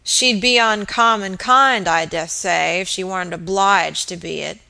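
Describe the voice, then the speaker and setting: A woman reading an audiobook, voicing a surly drunken male innkeeper with a thick, slurred voice and rough dialect. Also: mid-range voice, measured pace, bright, forceful tone. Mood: drunken sneer. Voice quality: thick, slurred, muffled with drink. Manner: growling, sneering, rough dialect.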